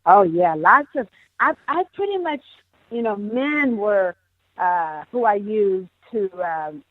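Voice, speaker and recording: A woman's voice: medium pitch, animated, dry recording. Bubbly woman on a dull call line. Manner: laughs often, bubbly, talks in quick bursts. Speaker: singer guest. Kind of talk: casual interview chat.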